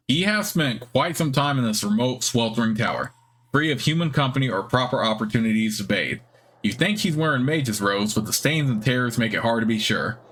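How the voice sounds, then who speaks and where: Man, let's play host, casual commentary, relaxed, chatty, reading game text aloud. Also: medium pitch, slight background noise. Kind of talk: casual gameplay commentary and narration.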